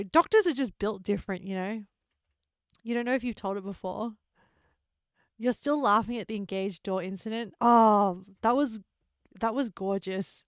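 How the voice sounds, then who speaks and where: A woman's voice: fairly high pitch, no echo. A woman streaming a game, chatting casually with her viewers, joking and laughing often, on a close desk microphone.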